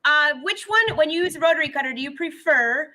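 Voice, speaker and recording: A woman with a very high, bright voice hosts a relaxed sewing chat. She asks curious follow-up questions about each tool. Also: brisk. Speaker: sewing vlog host. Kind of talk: casual chat.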